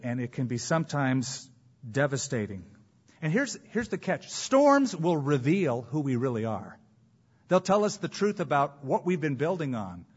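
A man preaching a sermon as pastor, emphatic, with dramatic pauses and repeated phrases. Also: medium pitch, breathy edge, highs cut off.

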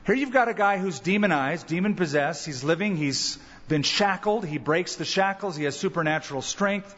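A man preaching a sermon as pastor, animated, acting out quoted voices. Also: normal speed, breathy edge. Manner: animated, acts out quoted voices with rising pitch. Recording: dull church recording with long reverb.

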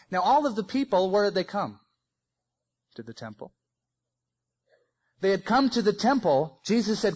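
A man preaching a sermon, swinging between loud emphasis and soft, quiet phrases. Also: high-pitched, sing-song, moderate pace, highs cut off. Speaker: pastor.

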